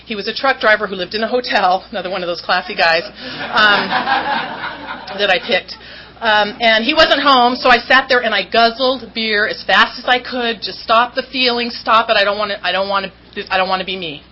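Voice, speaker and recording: A woman's voice: mid-range voice, moderate pace, pushed and bright, lo-fi sound, slight background noise. A woman from Southern California candidly telling her recovery story at a meeting, self-mocking and acting out what people said.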